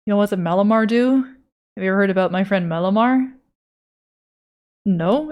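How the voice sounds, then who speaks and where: Half her attention on the canvas, a woman streamer draws and answers her chat with loose, profane riffs on whatever viewers bring up. Her mid-range voice is a little mellow and moves at a normal speed, the easy, unpolished chatter of an art stream.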